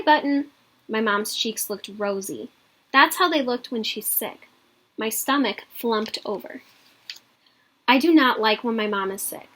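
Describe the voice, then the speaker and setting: A woman teacher reads a children's chapter book aloud, telling the story expressively and stopping to talk through what the main character wants. Her voice is husky and breathy, pitched somewhat high. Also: a bit bright.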